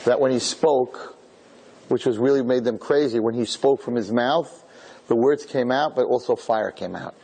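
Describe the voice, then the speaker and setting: Husky-voiced rabbi telling a story. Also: male voice, medium pitch, moderate pace. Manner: animated, repeats words for emphasis, mixes in Hebrew terms. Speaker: rabbi speaking to an audience. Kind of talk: inspirational storytelling talk.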